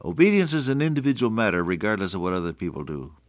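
Male radio preacher, deep voice, earnest sermon delivery, repeats key lines. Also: very animated, quick pace, no echo, studio quality. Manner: earnest, repeats phrases for emphasis.

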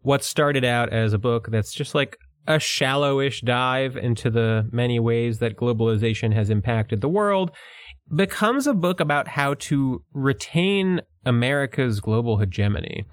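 A man's voice: medium pitch, moderate pace, no echo, clean studio sound. A man co-hosting a podcast in casual conversation, sarcastic and laughing often. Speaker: podcast co-host.

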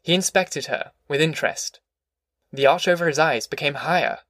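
A man narrating an audiobook novel in a steady, measured way. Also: a little high, no room sound, studio quality. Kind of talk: scripted narration.

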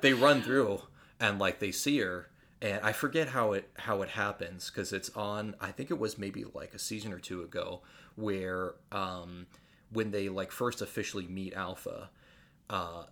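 A man co-hosting a casual podcast, chatting loosely, swearing freely and breaking into quick impressions. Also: fairly low pitch. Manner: animated, swearing, breaks into impressions of show characters. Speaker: podcast co-host. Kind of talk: casual chat.

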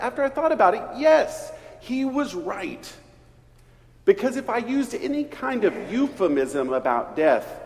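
Slow preacher, echoing church. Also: male voice. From East Texas. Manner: slow, storytelling delivery with wide swings in pitch and volume. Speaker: pastor. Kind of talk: sermon. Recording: reverberant church hall.

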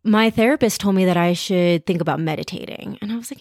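A woman's voice: medium pitch, fairly quick, hardly any pauses, no echo, studio quality. A woman in her thirties hosting a podcast, telling candid personal stories in a frank, self-deprecating way and swearing freely. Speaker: podcast host. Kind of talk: candid personal storytelling monologue.

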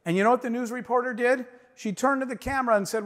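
A middle-aged man gives an inspirational stage talk, telling his story with emphasis and turning often to address the crowd. His voice sits high for a man. Long reverb trails each line, as in a big hall. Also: fast, fairly bright tone. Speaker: motivational speaker.

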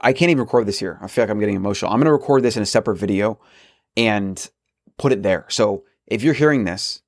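Male podcast host, solo monologue, earnest and rambling, lower register, dry booth sound. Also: no echo. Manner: earnest, rambling, with frequent restarts.

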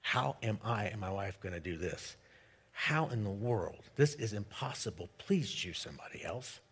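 A man acting out an elderly male patriarch who doubts and pleads, spoken quietly. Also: on the low side, expressive, moderate pace, breathy edge, voice pushed down, heavily acted. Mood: pleading.

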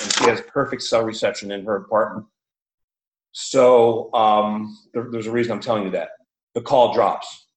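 A man telling a story in an animated, chatty way, laughing often and using many fillers. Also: medium pitch. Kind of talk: casual storytelling. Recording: roomy echo.

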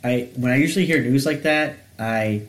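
A man's voice: medium pitch, moderate pace, echoey room, poor audio. A man co-hosting a casual faith-based chat, speaking in a sincere, reflective, motivational way. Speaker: podcast co-host.

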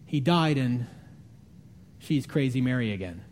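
A man preaching a sermon, retelling a story with animated, acted-out voices and sudden drops to a hushed tone. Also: mid-range voice, measured pace, a little hiss or hum. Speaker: pastor.

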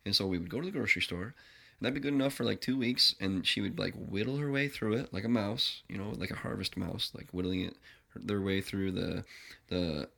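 A man's voice: fairly low pitch, fairly quick, creaky, pushed and bright. A man hosting a podcast, talking in a blunt, profane, rambling monologue. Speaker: podcast host. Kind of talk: casual ranting monologue.

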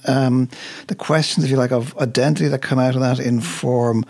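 A man, co-hosting a book show in a thoughtful, measured way with some hesitant restarts. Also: mid-range voice, steady tone, gravelly, darkish tone. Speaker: co-host of a books show. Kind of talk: relaxed literary radio chat.

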